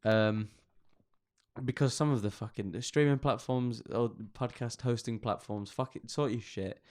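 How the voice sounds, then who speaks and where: A man's voice: mid-range voice, a little slow, a little mellow. Sweary man reading stories. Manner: swears a lot, jokey, reads stories aloud. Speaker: podcast co-host. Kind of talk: casual comedic chat.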